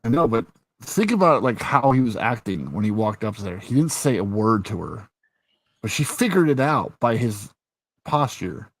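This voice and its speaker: Here the host's voice sits lowish and moves at a moderate pace. He's an animated storyteller in a casual chat, cursing freely and laughing a lot as he retells scenes.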